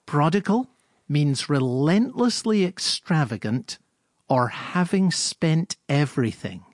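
A man's voice: fairly high pitch, expressive, slow, no echo, studio quality. A man chatting on a radio program, explaining a book in a thoughtful way. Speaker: radio program guest preacher. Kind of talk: conversational radio chat.

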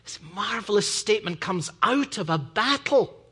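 A man preaching a sermon in an earnest way, dropping low and quiet on key words and rising with urgency. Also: expressive, normal speed, slightly rough. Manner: earnest, swinging from quiet low drops to raised urgent peaks.

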